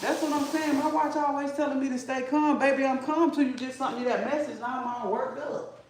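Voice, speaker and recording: A man with a very high voice runs a casual cooking livestream from his kitchen. He jokes, teases, and hypes up his viewers in a loose, chatty way. The sound bounces around an echoey room with a faint hiss underneath. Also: fairly even intonation, brisk. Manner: playful, hyped, teasing chat.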